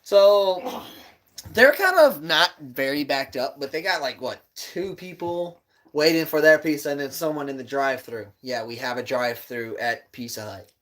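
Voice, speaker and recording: A man's voice: on the high side, normal speed, fairly bright tone. Rambling young man telling a story. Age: 20s. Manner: rambling, laughing storyteller who swears. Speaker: podcast co-host. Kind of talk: casual chat.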